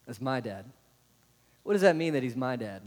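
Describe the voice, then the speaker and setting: A man's voice: medium pitch, very animated, normal speed, darkish tone. A man preaching a sermon to a congregation. He keeps asking them rhetorical questions. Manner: asks the congregation many rhetorical questions, adds "right?". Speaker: pastor. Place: church sanctuary. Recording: long hall reverb.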